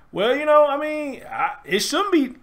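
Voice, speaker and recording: This male live-stream host from Memphis, USA, has a high, fairly bright voice and a Memphis Southern drawl. In casual commentary, he reads a news article aloud, responds emphatically, and says hello to viewers.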